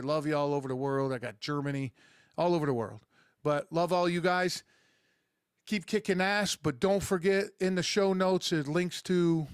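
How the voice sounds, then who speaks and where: A middle-aged man rambles through a crude, sarcastic podcast monologue. His voice sits a bit high for a man and sounds close and dry, with little room sound. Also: smooth, no room sound. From rural United States. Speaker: podcast host. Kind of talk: casual monologue.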